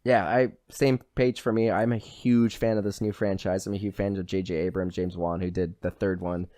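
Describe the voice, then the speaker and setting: A man's voice: low voice, flat delivery, normal speed, mellow, no room sound. A man hosting a podcast, chatting casually and rambling with lots of "like" and the odd swear word. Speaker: podcast host. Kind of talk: casual chat.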